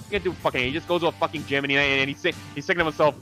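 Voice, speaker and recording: A man's voice: a little high, steady tone, very fast, pushed and bright, faint music behind. A man from Puerto Rico ranting with heavy profanity on a heated livestream discussion. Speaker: livestream co-host.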